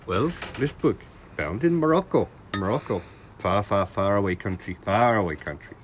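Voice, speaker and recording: A man's voice: lowish voice, animated, moderate pace, faint music behind, lightly acted. A man putting on a cheerful, eager man with an Indian accent and a chirpy, repetitive, sing-song manner. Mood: rambling. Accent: Indian, put on.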